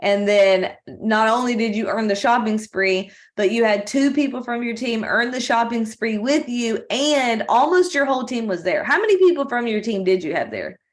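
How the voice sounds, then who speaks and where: A woman's voice: on the high side, animated, normal speed, hardly any pauses. A woman hosting a company video call, praising and encouraging a speaker in an effusive way.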